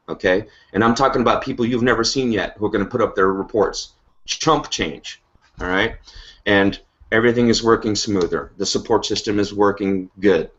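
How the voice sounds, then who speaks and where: A man with a somewhat low voice delivers a motivational pitch as host of an online team call. He drives his points home emphatically and keeps tagging his lines with "okay?" and "right?". The sound is dull and lo-fi, like web call audio. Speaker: host of a business update call. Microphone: online video call.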